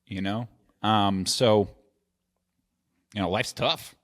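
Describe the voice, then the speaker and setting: A man's voice: on the low side, fairly even intonation, takes it slowly. A man in casual podcast chat as a guest, rambling with restarts and swearing freely. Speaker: podcast guest and video editor.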